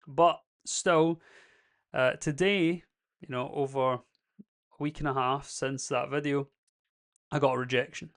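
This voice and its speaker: Gravelly Scottish man, candid vlog. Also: medium pitch, fairly even intonation, a little slow, pauses often, a bit bright. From Scotland. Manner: candid, rambling and self-deprecating. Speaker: YouTube creator. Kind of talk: casual vlog monologue.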